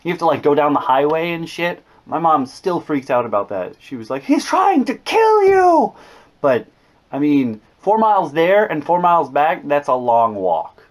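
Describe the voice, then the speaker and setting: A young man telling funny stories about his family in a casual, animated monologue, often stumbling and restarting. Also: on the high side, normal speed. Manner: animated, jokey, with repeated restarts. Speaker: vlogger.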